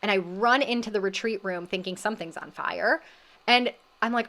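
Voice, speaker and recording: A woman hosting a wellness podcast, recapping her experience in an animated, casual storytelling way and acting out the voices she quotes. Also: mid-range voice, moderate pace, gravelly.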